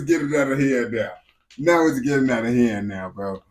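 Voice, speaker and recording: A young man, a streamer, chatting casually with a game character in heavy slang, swinging between low mumbles and excited yelling. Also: normal speed.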